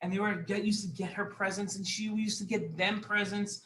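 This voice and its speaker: A man's voice: high-pitched, fairly even intonation, normal speed, a bit bright, a little hiss or hum. A man hosting a children's show, telling a story to kids in an upbeat, reassuring way. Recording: echoey room.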